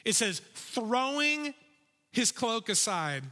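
A pastor preaching with animated urgency, his voice pitched high and ringing bright. A long hall reverb trails behind each phrase in the sanctuary. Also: slow pace. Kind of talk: sermon.

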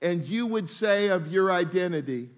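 A pastor preaching a sermon, folksy and humorous, sometimes slipping into quick mock voices of his listeners. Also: sits high, expressive.

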